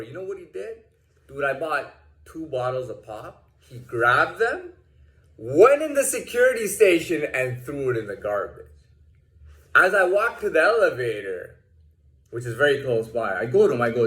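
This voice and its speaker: Man, lively sing-song delivery, foul-mouthed rambling storyteller, echoey room. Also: moderate pace. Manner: profane, rambling, many restarts, acts out quotes in a higher voice. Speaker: vlogger telling a personal story. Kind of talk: casual rant.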